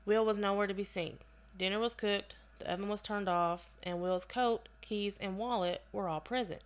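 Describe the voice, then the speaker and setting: A woman's voice: medium pitch, fairly even intonation, normal speed. Chatty woman reading case notes. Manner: reads case notes aloud with chatty asides and laughs. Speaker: podcast co-host. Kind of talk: casual true-crime podcast reading.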